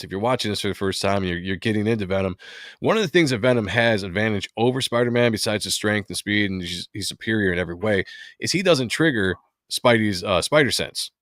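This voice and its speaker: A man's voice: fairly low pitch, a bit bright, no room sound, clean studio sound. A man hosting a casual comic book podcast, laid-back and joking, laughing often. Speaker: podcast host. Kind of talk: casual chat about comics.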